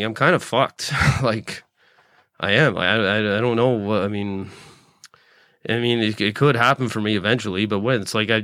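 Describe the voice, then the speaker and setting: A man's voice: mid-range voice, fairly bright tone, no room sound, clean studio sound. A man in his late forties, a comedian hosting his own podcast, rambling through a casual solo monologue, swearing freely and restarting his sentences. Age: 40s. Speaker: podcast host, stand-up comedian.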